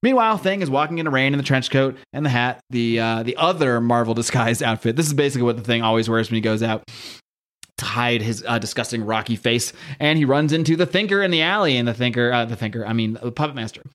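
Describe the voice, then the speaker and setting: A man's voice: mid-range voice, animated, fast, a bit bright. A man hosting a podcast, recapping a comic in a rambling, casual way with swearing and laughing asides. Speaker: podcast host.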